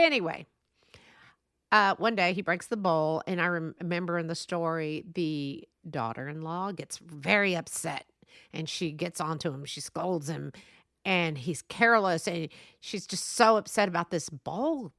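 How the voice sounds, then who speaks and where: A woman's voice: lowish voice, fairly bright tone, no room sound, studio quality. A middle-aged woman hosting a podcast, casually retelling an old story in a chatty, rambling way with asides and restarts. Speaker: podcast host.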